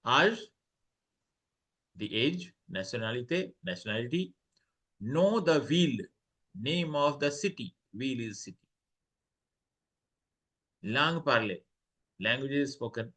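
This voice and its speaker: A man gives an online French lesson, moving through textbook dialogues one phrase at a time. His pace is unhurried and his pitch sits in an ordinary middle range. He raises his voice when reading quoted lines, then drops back to plain explanation. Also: lively intonation, a bit bright. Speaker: French teacher.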